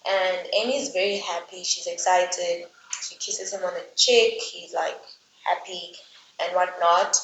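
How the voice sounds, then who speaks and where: A woman's voice: fairly low pitch, fairly even intonation, measured pace, fairly bright tone. A woman casually recapping a book's plot and ranting about the characters, speaking chattily with lots of "like" and exasperated asides. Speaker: book reviewer. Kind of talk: casual book recap and rant. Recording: roomy, slightly dull recording.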